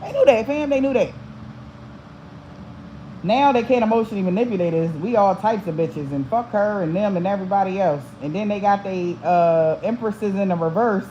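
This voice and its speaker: A woman's voice: medium pitch, brisk, mellow, lo-fi sound. A woman talks straight to her viewers in a loose, casual way. She is blunt and profane and laughs often between her points. A faint noise hums underneath her voice. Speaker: spiritual channel host.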